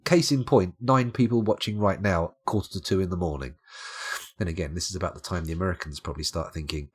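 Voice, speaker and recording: A man's voice: low voice, fast, breathy edge. A tired young man, rambling and self-mocking as he chats to viewers on a late-night game stream.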